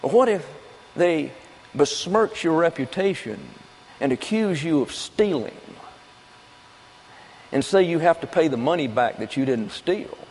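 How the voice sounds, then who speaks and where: A man's voice: on the high side, expressive, a little slow, darkish tone, breathy edge. Folksy preaching man in a reverberant hall. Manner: folksy, conversational preaching with rhetorical questions. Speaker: pastor. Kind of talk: sermon. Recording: long reverb of a church hall.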